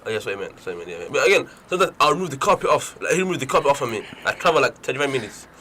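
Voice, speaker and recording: A young man co-hosting a radio talk show, joking fast and stumbling over his words. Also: mid-range voice, very animated, bright, forceful tone, a little hiss or hum. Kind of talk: casual banter.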